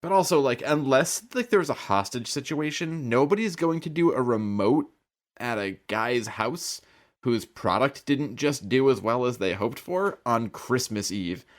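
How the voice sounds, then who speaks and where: A man's voice: medium pitch, lively intonation, a little slow. A man co-hosting a podcast, adding opinionated, wry commentary on a show. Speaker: podcast co-host. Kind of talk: casual recap chat.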